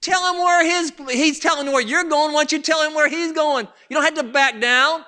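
A man's voice: extremely high pitch, normal speed, sharp tone. A man preaching a sermon, fervent and repetitive, talking straight to his congregation.

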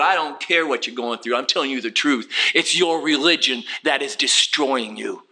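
A man preaching a fervent sermon, dropping low and then rising to shouts. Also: expressive, a little fast, few pauses. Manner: fervent, swings from quiet to shouting.

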